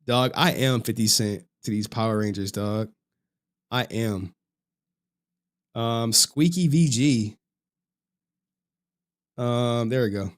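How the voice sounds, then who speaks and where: A man's voice: mid-range voice, takes it slowly, pauses often. A man hosting a livestream, chatting casually and rambling to his viewers. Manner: laid-back, rambling, talks to chat. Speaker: livestream host.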